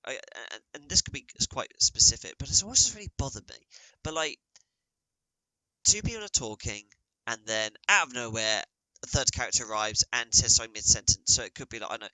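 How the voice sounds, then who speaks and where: Young man, very bright tense voice, dry close sound, animated rant, lots of restarts. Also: medium pitch, dry recording, rough recording. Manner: animated, ranting, swears freely; halting, many restarts. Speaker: podcast co-host. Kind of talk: casual chat.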